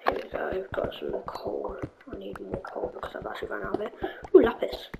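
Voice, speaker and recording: Rambling woman, creaky voice. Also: mid-range voice, huge pitch swings, fast, very noisy. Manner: rambling self-talk, dipping into whispers. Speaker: gaming channel host. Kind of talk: Minecraft play-along commentary. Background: loud game music.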